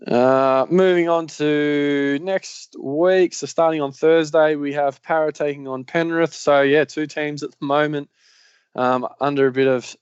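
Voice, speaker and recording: Australian man, podcast host, flat delivery, smooth voice, dry muffled lo-fi recording. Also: medium pitch, no echo. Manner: rambling, many ums and yeahs. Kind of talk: casual sports chat.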